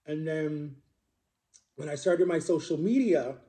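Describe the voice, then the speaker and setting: A man's voice: fairly high pitch, measured pace, dark tone. A young adult man telling a long personal story in a casual, rambling way, full of fillers and restarts. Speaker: social media creator.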